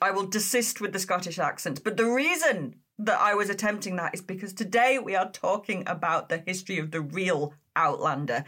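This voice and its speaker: A woman's voice: medium pitch, a bit bright. A woman hosting a history podcast, narrating in a chatty, self-mocking way with giggly asides. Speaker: podcast host.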